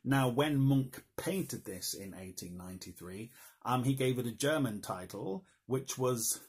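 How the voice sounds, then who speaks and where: A man's voice: mid-range voice, animated, measured pace, a little mellow, breathy edge. A man giving a casual, jokey online art history lecture, chatting and laughing at his own asides.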